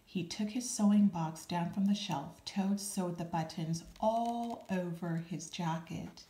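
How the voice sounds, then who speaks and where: Woman storyteller for children, calm and very slow, a bit low, echoey room. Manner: calm, unhurried, with small asides. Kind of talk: reading a children's storybook aloud. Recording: roomy echo.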